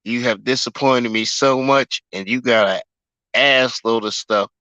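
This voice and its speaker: A fuming man in his forties rants about his team on a sports livestream, swearing with heavy emphasis. His voice is bright and forceful. The sound is dry and somewhat muffled. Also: mid-range voice, a little slow, smooth, no room sound. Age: 40s. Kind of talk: ranting sports livestream chat.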